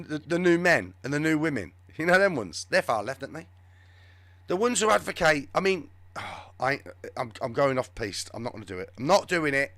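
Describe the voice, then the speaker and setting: A man hosts a live show with rambling, sarcastic commentary. His voice sits fairly high and swoops up and down a lot. The sound is close and dry, with no room echo. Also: fairly bright tone. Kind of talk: live political commentary chat.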